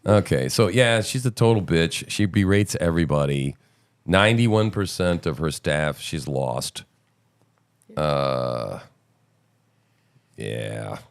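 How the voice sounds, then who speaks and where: A man's voice: a bass voice, vocal fry. A man hosting a podcast in a casual, sarcastic, incredulous commentary style. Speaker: podcast host.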